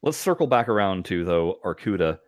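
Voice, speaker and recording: A man with a fairly low voice, talking in a casual, animated way as a podcast host. He laughs often and gets worked up as he tells his stories. The sound is close and dry, with no room echo. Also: fairly quick. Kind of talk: casual chat.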